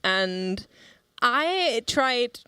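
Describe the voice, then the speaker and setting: A woman's voice: a little high, sing-song, very slow, pushed and bright, smooth, no room sound. A young woman who grew up bilingual in German and English, chatting casually and telling stories on a game stream. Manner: chatty storyteller, laughs often. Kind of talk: casual stream co-commentary chat.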